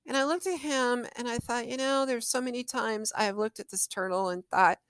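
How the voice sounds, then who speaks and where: A woman's voice: fairly high pitch, brisk, few pauses, a bit bright, clear, resonant tone, no echo, studio quality. A middle-aged woman hosting her own podcast as a psychic medium, talking candidly and emotionally in a chatty way, with rhetorical questions to her listeners. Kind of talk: casual solo podcast talk.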